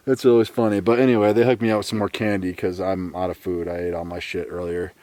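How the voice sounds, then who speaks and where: A man talking casually to his camera while out on a long hike, swearing freely and rambling in a relaxed way. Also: on the low side, quick pace, hardly any pauses, dry recording. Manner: profane, laid-back, rambling. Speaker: thru-hiker vlogger. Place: outdoors on a trail, later a hotel room.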